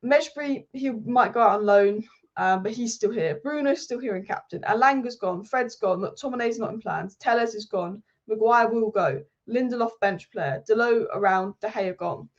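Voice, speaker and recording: Female football host, fairly high voice, passionate casual monologue, slightly dull lo-fi audio. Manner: passionate, rapid-fire lists of players.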